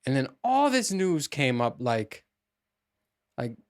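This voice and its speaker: A man's voice: medium pitch, very animated, slow pace. A man hosting a casual solo podcast monologue, rambling with restarts and frequent swearing. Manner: profane, rambling, with many restarts. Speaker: podcast host.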